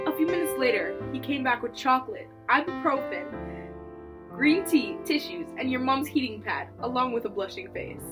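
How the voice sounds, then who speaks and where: A woman's voice: sits high, expressive, normal speed. Young female YouTuber, dramatic and shrieky, reads fan fiction over background music. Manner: dramatic, shrieking and laughing in disbelief. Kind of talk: reading fan fiction aloud with reactions.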